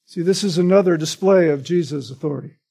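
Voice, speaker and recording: High-voiced guy preaching a sermon, earnest, keeps asking "right?". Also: fast talker, creaky, dark tone, breathy edge. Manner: earnest, emphatic, tag questions like "right?". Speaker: pastor.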